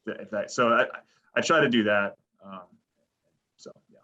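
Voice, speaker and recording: A man's voice: on the low side, a little slow, sharp tone, muffled recording. A man, a sports reporter, talking casually in an interview, rambling with lots of likes and restarts. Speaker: sports director and reporter, podcast guest.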